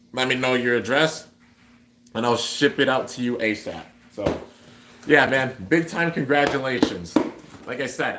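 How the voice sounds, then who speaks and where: A young man chats casually and upbeatly as he hosts a toy giveaway on his livestream. His voice sits at an ordinary middle pitch. It rings in a roomy, echoey space with a faint hiss underneath. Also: pushed and bright. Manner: upbeat, chatty, reads out chat comments. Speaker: streamer hosting a toy giveaway.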